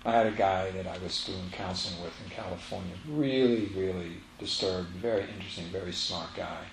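A man's voice: sits low, a little fast, gravelly, noisy background. Man teaching in an echoey room. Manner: emphatic, repeats phrases, storytelling. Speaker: spiritual teacher. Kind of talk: teaching talk to a live audience. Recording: roomy echo, faint ambience.

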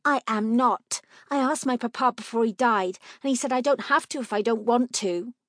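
A woman's voice: on the high side, expressive, measured pace, dry recording, studio quality, pitched above the performer's own voice. A woman reading aloud, voicing a stubborn, proper ten-year-old girl who speaks primly and argues firmly. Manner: prim, firm and argumentative.

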